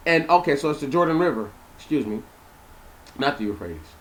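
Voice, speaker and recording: Animated man reading and explaining scripture. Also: mid-range voice, quick pace. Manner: animated, repeats words, asks listeners questions. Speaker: Bible teacher. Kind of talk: informal Bible reading and commentary.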